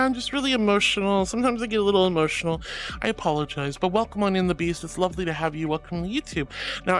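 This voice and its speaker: A man's voice: high voice, a bit bright. A man streaming live, chatting with viewers and reading their messages aloud. He talks in a gushing, affectionate way, laughs often and calls people sweetie and honey. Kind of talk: livestream chat, reading chat.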